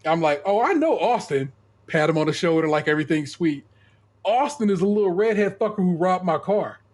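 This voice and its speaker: A man's voice: fairly high pitch, steady tone, fairly quick, darkish tone. A middle-aged man on a podcast, casually telling a profane story and acting out the people in it. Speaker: podcast co-host.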